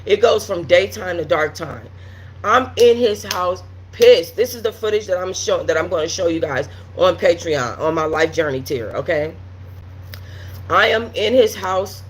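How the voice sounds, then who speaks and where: A woman's voice: fairly low pitch, expressive, measured pace, slight background noise. A woman tells a story live to her viewers, blunt and exasperated, with swearing throughout. She keeps breaking off to talk straight to the audience and to respond to the chat as it comes in. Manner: talks straight to viewers with many asides. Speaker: host of a storytime livestream. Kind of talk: casual storytelling while reading live chat.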